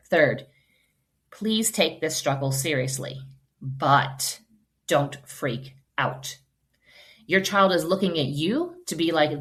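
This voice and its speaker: A woman in her forties, hosting a homeschool podcast and giving casual advice in an earnest, reassuring, conversational way. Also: lowish voice.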